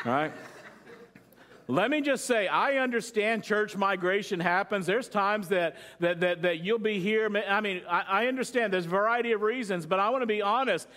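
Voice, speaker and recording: An older man delivers a sermon as pastor, talking in a high, light register. He tells stories with jokes along the way and keeps tossing questions out to the congregation. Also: normal speed, a bit bright. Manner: conversational, jokey storytelling with audience questions.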